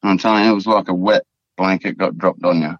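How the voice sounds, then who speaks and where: An Australian man from the Northern Territory tells a story as a podcast guest, rambling casually with lots of fillers, swearing and repeated words. His low voice moves fast with fairly even intonation. The lo-fi podcast audio is dull and dry, with no room sound.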